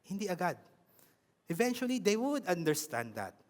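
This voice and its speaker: A man with a Filipino accent preaching a sermon in an animated way, often asking his congregation questions. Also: high voice, moderate pace, long reverb tail.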